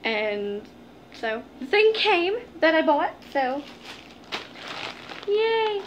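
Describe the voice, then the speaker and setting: Giggly high-voiced young woman vlogger. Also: big pitch swings, slow pace, noisy background. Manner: gushing, giggly, talks to viewers as "guys". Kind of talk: casual unboxing vlog.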